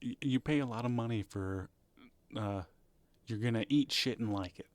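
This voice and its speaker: A man's voice: mid-range voice, moderate pace, no room sound. A man co-hosting a podcast, talking casually and rambling, with restarts and fillers. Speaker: podcast co-host. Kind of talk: casual chat.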